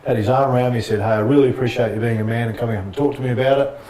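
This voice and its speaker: A middle-aged Australian man and former basketball player, telling lively anecdotes in a casual interview and laughing often. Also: mid-range voice, very fast, reverberant, far from the mic.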